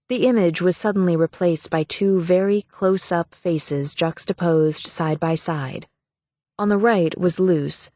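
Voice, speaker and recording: A woman reading an audiobook as a measured, even narrator. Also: on the low side, dry recording. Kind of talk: scripted narration.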